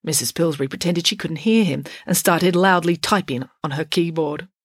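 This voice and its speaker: A woman narrating a children's storybook with a wry, expressive reading. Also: low-pitched, moderate pace, no echo, studio quality.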